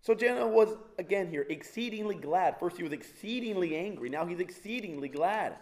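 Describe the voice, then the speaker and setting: A man preaching a sermon in a relaxed, conversational way, with a voice pitched somewhat high for a man. He keeps putting rhetorical questions to the congregation and drops in jokey asides. He often stumbles over and restarts his sentences. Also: fairly quick.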